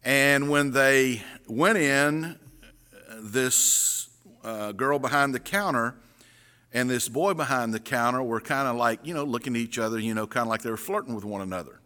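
A man's voice: mid-range voice, sharp tone. Folksy male pastor in an echoing church. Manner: folksy storyteller, reads scripture slowly and deliberately. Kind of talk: sermon with a story and scripture reading. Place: church sanctuary. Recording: reverberant sanctuary.

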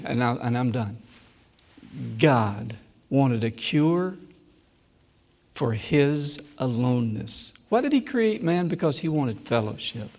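A man preaching a sermon with personal testimony, swinging from loud emphasis to hushed, slow, repeated phrases. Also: medium pitch, lively intonation, in a large hall.

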